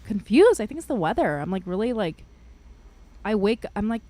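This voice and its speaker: A young woman co-hosting a podcast, telling a story in an animated, laugh-filled way with lots of fillers. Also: mid-range voice, moderate pace. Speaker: podcast co-host. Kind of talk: casual chat, storytelling.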